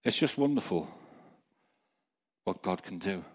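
A man preaching a testimony sermon, telling stories in a lively way with chuckling asides. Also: low-pitched, measured pace, husky. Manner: storytelling, animated, chuckling asides.

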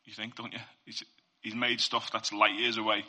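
In an informal faith talk, a man shares his Christian testimony in a slightly low voice whose tone is very bright and cutting, with a breathy edge. He speaks at normal speed with little pitch movement. Earnest and conversational, he often turns to his listeners to draw them in.

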